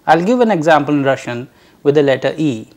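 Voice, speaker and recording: A language teacher giving a recorded lecture, drawing out each letter sound slowly and carefully for learners to repeat. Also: mid-range voice, lively intonation, a little mellow.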